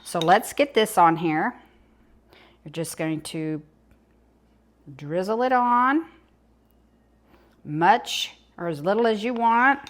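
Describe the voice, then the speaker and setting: A woman's voice: mid-range voice, animated, slow, long pauses. An older woman with a Southern US accent, chatting folksily through a casual home cooking demonstration. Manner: chatty, folksy, talks while eating.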